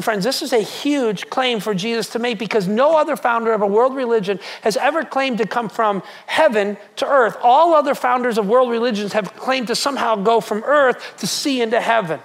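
Conversational preacher asking the congregation questions. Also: medium pitch. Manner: repeats phrases for emphasis. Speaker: pastor. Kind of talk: sermon.

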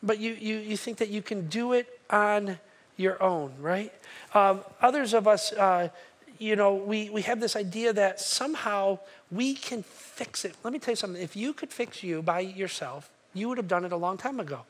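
Pastor guy preaching in church, pretty high voice, chatty, keeps asking the room "right?". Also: normal speed. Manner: conversational preaching, checks in with listeners with "right?". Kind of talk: sermon. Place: church sanctuary.

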